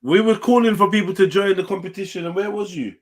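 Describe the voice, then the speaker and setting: A man hosting a casual online panel, teasing guests and joking with lively banter. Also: high-pitched, fast. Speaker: panel host. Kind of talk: casual chat. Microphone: online call mic.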